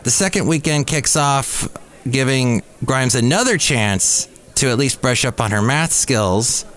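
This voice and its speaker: A man's voice: medium pitch, a bit bright. Rambling man in his fifties hosting a podcast. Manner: rambling, self-deprecating asides. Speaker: podcast host. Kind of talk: casual solo podcast chat. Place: café. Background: faint background music.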